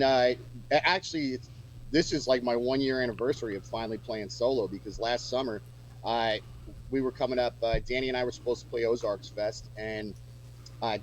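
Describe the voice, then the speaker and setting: A man's voice: medium pitch, slight background noise, rough recording. A man chatting casually as a musician guest on a radio show, rambling with lots of fillers and restarts.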